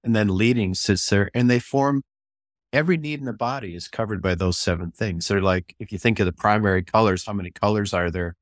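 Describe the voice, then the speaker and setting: An older man with a low voice tells stories as an interview guest. He speaks in a lively, conversational way, stumbles over and repeats his words, and raises his voice when he acts out what people said. The recording is dry and close. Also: a little fast, no room sound. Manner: animated storyteller, restarts phrases, acts out quotes in a raised voice. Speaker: author and ministry leader, guest.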